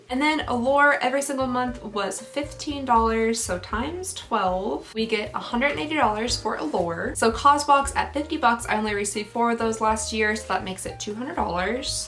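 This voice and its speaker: A chatty young woman with a fairly high voice talks casually to camera, poking fun at herself as she goes. She sits a little back from the microphone, and faint music plays underneath. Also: fairly bright tone, far from the mic. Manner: chatty and self-mocking, laughs between sums. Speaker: beauty vlogger.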